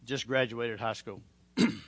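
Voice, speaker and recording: Bright-voiced preacher, hushed then loud. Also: male voice, mid-range voice, steady tone, measured pace, dry recording. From Oklahoma. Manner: swings from hushed pleading to loud storytelling. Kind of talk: sermon with altar call and personal story.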